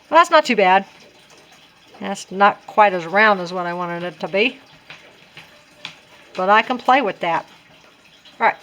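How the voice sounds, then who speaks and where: Here the voice is medium-pitched and fairly bright: a woman who vlogs about crafting, talking casually through a tutorial. She figures things out out loud, chatty and poking fun at herself.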